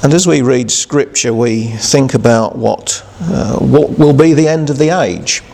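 A man preaching a sermon who reads scripture, then speaks haltingly with many restarts and fillers. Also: medium pitch, gravelly, dark tone, big-room sound.

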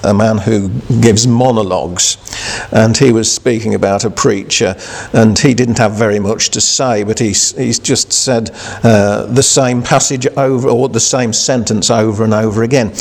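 A man preaching a sermon who reads scripture, then speaks haltingly with many restarts and fillers. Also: lowish voice, steady tone, gravelly, big-room sound.

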